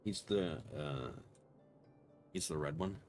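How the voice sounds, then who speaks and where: A man's voice: very deep voice, takes it slowly, faint music behind. A man streaming a game, chatting casually, joking, swearing and laughing often. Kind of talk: casual live-stream commentary.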